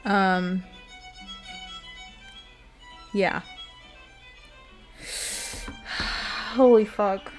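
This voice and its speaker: A woman's voice: mid-range voice, steady tone, drawn-out words, faint music behind. A young adult woman streamer reading a bedtime story and chatting with her viewers, earnest and emotional.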